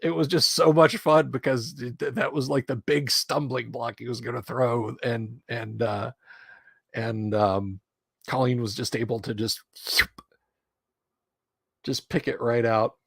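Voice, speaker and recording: A man's voice: mid-range voice, fairly even intonation, measured pace, creaky, husky, no room sound. A middle-aged man streaming, chatting casually and telling rambling anecdotes close to his mic. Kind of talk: casual chat.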